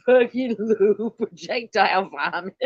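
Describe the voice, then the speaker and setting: A woman's voice: mid-range voice, slow, husky, dry recording. A woman drawls through a casual livestream story, swearing freely and breaking into laughter along the way. Her voice is dry and close, with no room around it, and it comes through a dull, slightly muffled stream mic. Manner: profane, laughing often while recounting stories. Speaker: livestream host. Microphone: computer mic on a streaming call.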